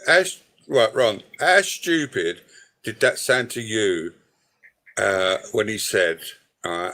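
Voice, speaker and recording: A man's voice: fairly low pitch, takes it slowly, sharp tone. A man from Cornwall, co-hosting a casual livestream chat and ranting scornfully with heavy swearing. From Cornwall, England.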